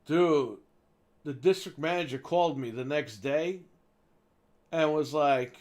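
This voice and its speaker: A man casually telling a long story as co-host of a gaming show, animated and swearing freely as he acts out the people involved. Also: fairly high pitch, takes it slowly, pauses often.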